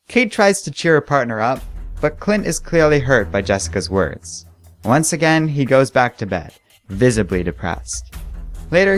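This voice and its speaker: A man narrates a comic book storyline as a scripted recap, in a measured storytelling way. His voice sits mid-range but moves up and down a lot. Faint music plays underneath. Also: medium pitch.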